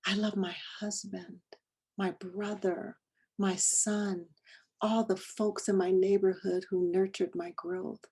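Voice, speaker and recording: A middle-aged woman presenting a lesson, telling a personal story in an animated way, acting out dialogue and dropping to whispers. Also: medium pitch, takes it slowly, breathy edge.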